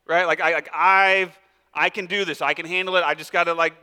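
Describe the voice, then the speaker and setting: A pastor preaches in a relaxed, conversational way full of fillers, his voice bright, forward, resonant and clear, a bit higher than most, and fairly quick. His words ring out with a long echo through a large church hall.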